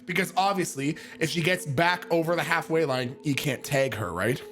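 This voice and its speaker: A man casually telling a story as a streamer, animated and profane, sometimes bursting into shouts. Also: on the high side, normal speed, soft background music.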